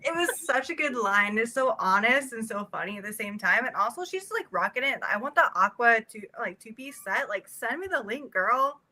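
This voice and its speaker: A woman's voice: a little high, animated, normal speed, hardly any pauses, sharp tone. A woman co-hosting a podcast, joking playfully about a reality show and giggling. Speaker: podcast co-host. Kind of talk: casual recap chat.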